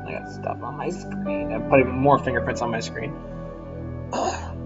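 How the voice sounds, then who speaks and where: A man giving casual, rambling, self-mocking let's-play commentary at home, with sudden loud outbursts. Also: medium pitch, steady tone, normal speed, dull audio. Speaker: gamer. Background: game music.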